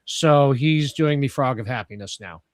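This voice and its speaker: A man's voice: mid-range voice, normal speed, no echo. A man hosting a casual chat, rambling and joking with the odd curse word.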